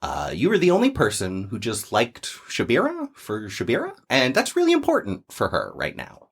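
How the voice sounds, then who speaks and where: A man's voice: mid-range voice, wildly swooping pitch, moderate pace, slightly rough, exaggerated voice. A man voicing a small winged female cat in a tabletop game, hesitant and full of ums and uhs, shy but protective. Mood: earnest. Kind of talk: tabletop role-play voice acting.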